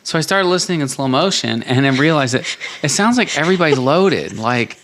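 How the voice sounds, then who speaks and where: A man's voice: fairly high pitch, expressive, brisk, a bit bright. A man co-hosting a podcast, making wry, rambling asides about a sitcom. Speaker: podcast co-host. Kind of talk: casual recap chat.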